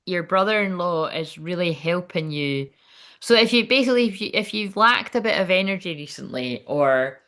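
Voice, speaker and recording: A woman's voice: low voice, a bit bright. Chatty sweary woman doing readings. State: hiccuping. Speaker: psychic medium. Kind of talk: live-streamed spiritual reading.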